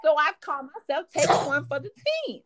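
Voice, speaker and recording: A young woman telling a story in a brash, profane, animated way. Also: high voice, normal speed, heavy background noise. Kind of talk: casual storytelling.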